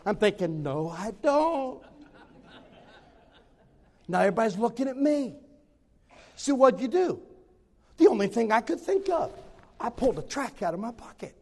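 A man preaching a sermon and telling a personal story in an animated way, repeating phrases for emphasis. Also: very high-pitched, brisk, pauses often, in a large hall.

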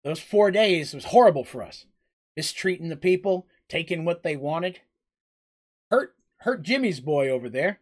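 A man's voice: fairly high pitch, lively intonation, normal speed. A man voicing a nervous, stammering village innkeeper who pleads anxiously. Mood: frustrated.

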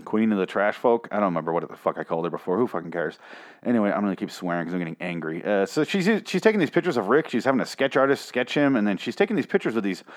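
Fast-talking sarcastic swearing man. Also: on the low side, animated. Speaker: TV show reviewer. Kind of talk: sarcastic profane review rant.

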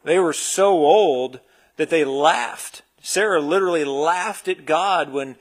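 A man preaching a conversational sermon, relaxed and searching, with frequent fillers and restarts. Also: a little high, slow pace. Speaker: pastor.

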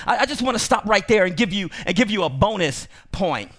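A man preaching a sermon to his congregation. He speaks emphatically, repeats himself, and rises into shouts. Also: high voice, expressive, brisk. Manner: emphatic, repetitive, bursts into shouting; addresses congregation directly. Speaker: pastor.

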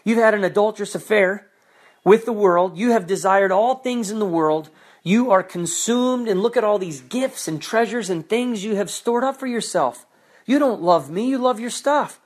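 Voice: mid-range voice, normal speed, lightly acted. A preacher voicing God as a jealous husband who asks hurt, reproachful questions.

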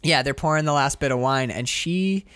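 A man's voice: mid-range voice, normal speed, fairly bright tone, clear, resonant tone, no room sound. A man co-hosting a casual movie recap podcast, acting out lines from the film in silly voices. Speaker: podcast co-host.

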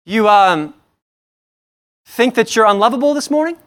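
A man with a high voice preaches a sermon in church. He is earnest and keeps asking his listeners questions, often repeating and restarting his phrases. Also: animated, moderate pace, a bit bright. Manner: earnest, asks the congregation many rhetorical questions. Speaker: pastor.

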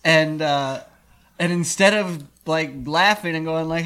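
A man co-hosting a podcast, telling animated comic stories in casual chat and swearing for laughs. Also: a little high, unhurried, clean tone.

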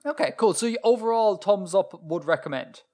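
A man's voice: sits high, lively intonation, fairly quick, warm tone. A man co-hosting a podcast in casual, chatty talk, asking his partner follow-up questions. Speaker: podcast co-host. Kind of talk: casual chat.

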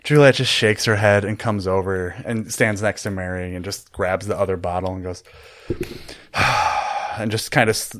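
A man's voice: low voice, fairly even intonation, fairly bright tone. Man narrating a tabletop game casually. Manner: casual, halting narration with fillers. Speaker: player.

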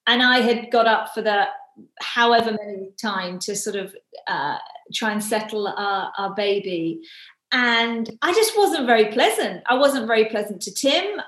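Brief: female podcast co-host, fairly high voice, chatty storyteller, echoey room. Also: fairly bright tone. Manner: chatty storyteller, quick asides. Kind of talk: casual faith discussion.

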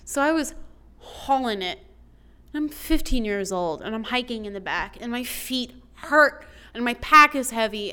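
A woman's voice: on the high side, bright, forceful tone, clean tone. A woman telling a personal story to an audience, emotional and piling up complaints in long runs. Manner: emotional, building lists of complaints. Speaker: storyteller on stage.

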